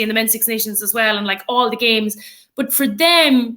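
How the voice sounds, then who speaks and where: Bright, chatty Irish woman. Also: on the high side. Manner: chatty and animated, laughs often, many fillers. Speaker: podcast guest, rugby player and coach. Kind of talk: casual chat.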